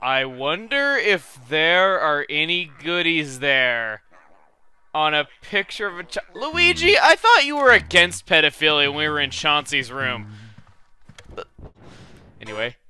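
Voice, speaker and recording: A young man hosting a let's play, giving joking commentary that bursts into excited yelling. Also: on the high side, smooth. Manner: animated, joking, quick to yell in excitement. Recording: game music underneath.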